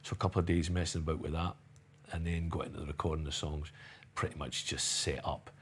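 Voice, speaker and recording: A Scottish man, a musician being interviewed, answering in a hesitant, halting way. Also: extremely low pitch, steady tone, noisy background. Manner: hesitant, halting, many fillers.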